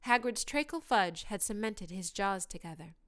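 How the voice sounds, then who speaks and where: A woman's voice: medium pitch, animated, normal speed, fairly bright tone. Woman reading an audiobook aloud. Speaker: audiobook reader. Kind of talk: audiobook narration.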